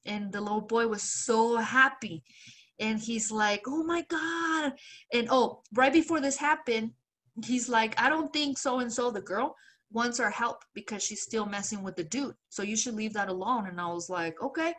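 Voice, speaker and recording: A woman's voice: on the high side, fairly even intonation, normal speed, a bit bright. A woman co-hosting a podcast, telling a long story in casual chat, acting out the quoted voices and laughing often. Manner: loose swearing and filler. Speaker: podcast co-host.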